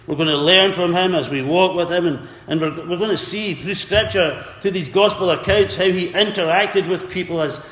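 A man's voice: sits high, moderate pace, hardly any pauses, a bit bright. A man preaching a sermon earnestly, repeating words and calling out for amens. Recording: echoey hall with faint ambience.

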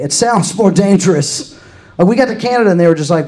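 A man's voice: high voice, lively intonation, quick pace, warm tone, rough recording. A man from Louisiana doing a live stand-up set in a comedy club, dry and self-deprecating, chatting with the crowd. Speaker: stand-up comic.

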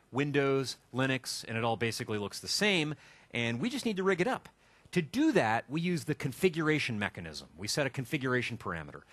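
Man leading a live tech workshop, lively, expressive delivery, dry close mic, jokey asides to the room. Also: medium pitch, dry recording. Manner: joking, chatty, thinks aloud while typing. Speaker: instructor. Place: classroom with a live audience.

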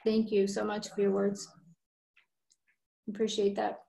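A woman's voice: medium pitch, completely flat delivery, measured pace, vocal fry, mellow, roomy sound, slight background noise. A woman telling her story and coaching a team with earnest conviction over a video call. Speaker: guest coach.

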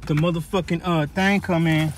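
A man's voice: on the high side, steady tone, moderate pace, noisy background. A man telling a rambling story in a loose, slang-heavy way, full of restarts and "you feel me" tags. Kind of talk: casual storytelling monologue.

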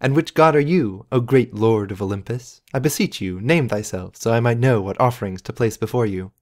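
A man's voice: mid-range voice, a little fast, darkish tone, natural voice. A man voicing a teasing young woman whose speech carries a faint trace of accent, in an audiobook. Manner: playful, teasing.

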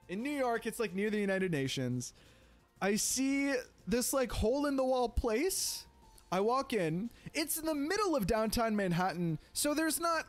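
A young man streamer telling a story casually, rambling and animated, with lots of "like" fillers and the odd swear. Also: high voice.

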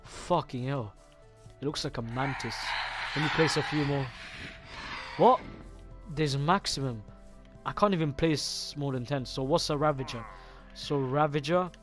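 A man giving casual gameplay commentary as a gaming YouTuber, excitable and swearing often as he reacts aloud to what he sees. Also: mid-range voice, measured pace, long pauses. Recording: game music clearly behind the voice.

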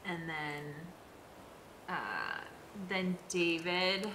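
A woman's voice: lowish voice, sing-song, drawn-out words, reverberant, slight background noise. A young woman streaming a game live, chatting with viewers and sounding exasperated.

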